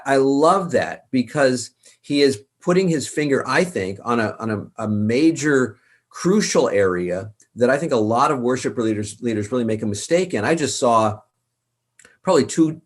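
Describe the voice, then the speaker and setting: A man, a worship leader and author, giving earnest, emphatic advice in an interview, repeating words for stress. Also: medium pitch.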